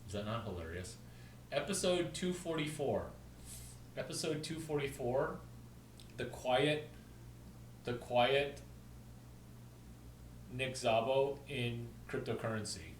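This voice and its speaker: A man's voice: medium pitch, lively intonation, slow, long pauses, roomy sound, recorded from a distance, slight background noise, rough recording. Rambling man talking away from the mic. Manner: rambling, jumps between topics, spells out names. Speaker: video host. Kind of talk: rambling casual storytelling.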